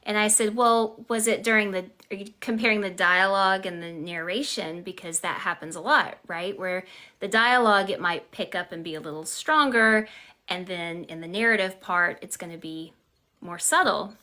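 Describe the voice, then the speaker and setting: A woman's voice: mid-range voice, moderate pace, pushed and bright. A woman explaining a point thoughtfully in a casual live-stream chat.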